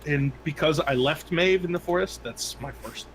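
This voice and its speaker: A man's voice: fairly high pitch, moderate pace, a little hiss or hum, rough recording. A man playing a tabletop game, talking in a rambling, casual way. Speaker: player.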